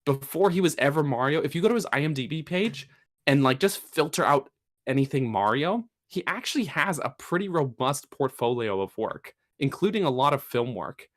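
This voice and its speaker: This co-host of a casual podcast has a medium-pitched, expressive, slightly bright voice and speaks at a moderate pace. He rambles chattily, full of fillers and restarts, and gets emphatic when making a point.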